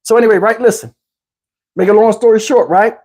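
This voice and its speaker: A middle-aged man casually telling a personal story in an animated, streetwise way, with lots of "you know what I'm saying" asides. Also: sits high, fairly quick. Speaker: YouTube storyteller.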